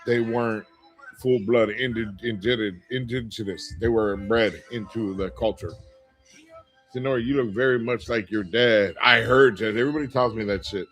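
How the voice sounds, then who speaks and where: A man's voice: on the low side, moderate pace, a bit bright, faint music behind, poor audio. A middle-aged man hosting a casual livestream, reading viewer comments aloud and talking candidly, rambling with fillers and restarts. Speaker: livestream host.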